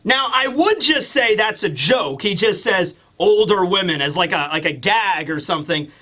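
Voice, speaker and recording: Male YouTube manga reviewer, high and bright, animated and rambling. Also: normal speed. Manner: animated, rambling, talks straight to viewers. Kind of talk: casual video review commentary.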